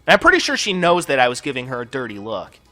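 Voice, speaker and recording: A man's voice: medium pitch, huge pitch swings, quick pace, sharp tone, faint music behind. A man hosting a gaming channel, telling a long personal story over gameplay in a casual, profane, ranting way full of filler words.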